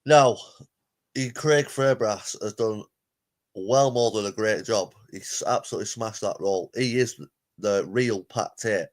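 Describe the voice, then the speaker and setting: A man's voice: on the low side, unhurried. A man hosting a reaction stream, casually commenting on clips and talking to his viewers. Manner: chatty, addresses viewers as "people".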